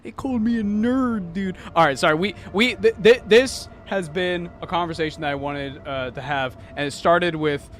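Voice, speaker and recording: A man from Kansas co-hosting a casual podcast chat, animated and profane, stumbling over restarts. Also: sits high, normal speed, few pauses. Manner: animated, swearing, many restarts. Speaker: podcast co-host.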